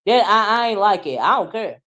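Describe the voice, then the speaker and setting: A woman hosting a casual livestream, teasing loudly and swinging from low mutters to shouts. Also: lively intonation, fairly quick. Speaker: livestream commentary host.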